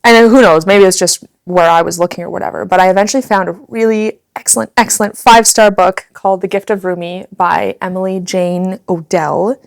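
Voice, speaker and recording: A woman co-hosting a podcast in a relaxed, conversational way. Her voice sits at an ordinary middle pitch, and she talks easily, as if to a friend across the table. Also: a little fast, vocal fry, few pauses. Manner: giggly, keeps breaking into laughter while reading. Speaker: podcast co-host. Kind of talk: casual podcast chat.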